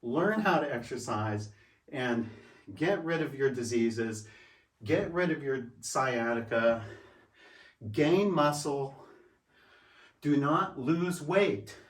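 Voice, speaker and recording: A man's voice: medium pitch, distant mic. A man in his sixties talking casually in a home vlog, a little out of breath, emphatic and repeating his points as he demonstrates. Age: 60s. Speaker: fitness vlogger. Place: room at home. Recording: roomy, from away from the mic.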